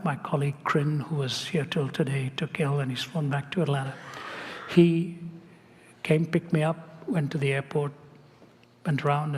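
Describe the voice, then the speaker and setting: Man, sermon storytelling, earnest, wry asides, a bit high voice, echoing hall. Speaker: Christian speaker. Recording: reverberant hall.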